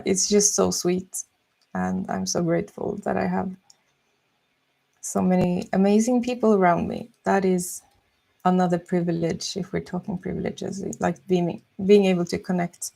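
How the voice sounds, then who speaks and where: A young woman chatting softly and musing slowly while she draws on a live stream. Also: on the low side, flat delivery, vocal fry. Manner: soft-spoken, slow and musing. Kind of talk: casual chat while drawing.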